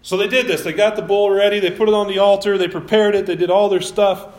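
A man's voice: sits high, fast talker. A man preaching a sermon, retelling a Bible story with casual asides and acted-out quotes. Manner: lively storytelling, acting out biblical quotes.

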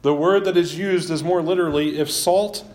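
Speaking as a pastor in a church broadcast live, he preaches casually, like a conversation, with humorous jabs at himself. His voice is on the high side and his pace is moderate.

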